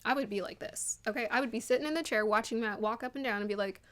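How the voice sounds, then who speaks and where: Young woman, casual video commentary, animated and chatty, slightly high voice. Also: fast. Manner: chatty and animated, mimics people in quotes. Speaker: commentator on a dating show.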